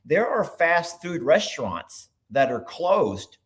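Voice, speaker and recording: Male live-stream host, lively and talkative, slightly high voice. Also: slow pace. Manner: chatty, animated, asks many questions. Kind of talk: casual live video chat.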